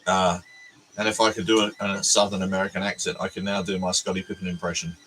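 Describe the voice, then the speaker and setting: An Australian man, a teacher, chatting casually on a livestream from his workbench, hoarse and sick with a cold, rambling and self-deprecating. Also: sits low, level tone, fast talker, a bit bright, a little hiss or hum, poor audio.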